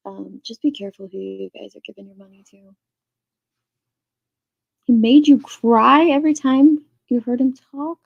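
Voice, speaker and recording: A woman's voice: fairly high pitch, normal speed, creaky, long pauses, dull audio. A woman hosting a casual livestream, chatting and reading viewer comments aloud. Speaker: livestream host reading chat.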